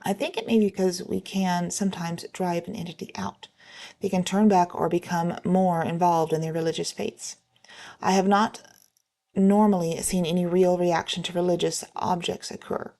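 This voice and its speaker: A woman reading online stories aloud in a plain, steady way, with a few slips and restarts. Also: fairly low pitch, normal speed, vocal fry.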